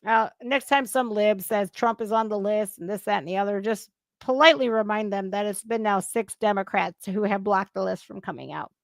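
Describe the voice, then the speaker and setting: A woman's voice: mid-range voice, normal speed, no echo, clean studio sound. A woman hosting a casual political reaction show, blunt and heated, swearing freely and breaking into sudden outbursts. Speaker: political commentary host.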